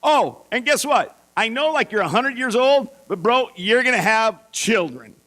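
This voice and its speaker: A man preaching a sermon, telling Bible stories in a lively way and acting out the voices of the figures. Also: very high voice, measured pace. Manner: lively storytelling, acts out voices for biblical figures. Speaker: pastor.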